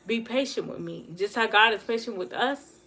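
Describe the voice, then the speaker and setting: A woman talking fast and earnestly in a casual livestream monologue, repeating herself for emphasis. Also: a little high, bright, forceful tone. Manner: fast talker. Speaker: livestream host.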